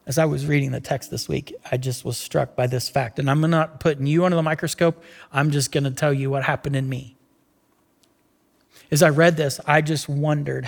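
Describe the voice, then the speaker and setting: A man preaching a casual sermon, telling the story with animated voices and quick asides. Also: on the high side, vocal fry, long reverb tail. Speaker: pastor.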